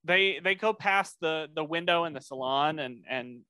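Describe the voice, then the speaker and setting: Bright, crisp-voiced man recapping. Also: on the high side, normal speed, dry recording. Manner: rambling, many fillers and restarts. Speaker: podcast co-host. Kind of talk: casual chat recapping a cartoon episode.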